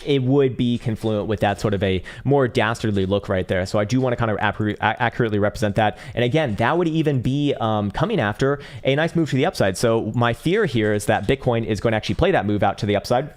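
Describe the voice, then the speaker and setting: A man with a hoarse voice hosting a live crypto chart analysis, talking casually and profanely, often correcting himself. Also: mid-range voice, fast, few pauses. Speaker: crypto trading analyst host.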